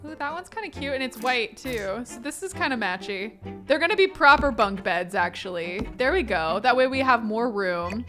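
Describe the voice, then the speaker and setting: A young woman chatting through a life-sim game session, bubbly and quick to gush and laugh over what her characters do. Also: on the high side, pushed and bright. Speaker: gaming YouTuber. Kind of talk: Sims gameplay commentary.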